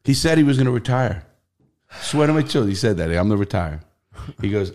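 This is a fairly low-pitched, slightly fast male voice belonging to a middle-aged New Yorker. As a podcast guest he recounts stories in a blunt, animated, profane way, swearing freely throughout the casual interview.

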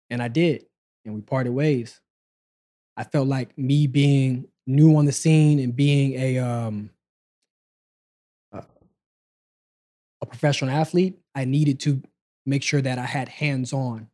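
A man in his forties, hosting a podcast and casually telling his life story in a relaxed, conversational way. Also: medium pitch, takes it slowly, pauses often. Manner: relaxed, conversational, acts out quoted dialogue.

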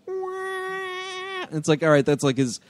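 A man co-hosting a casual podcast, excitedly recapping a movie, laughing and acting out lines. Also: on the high side, moderate pace. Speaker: podcast co-host.

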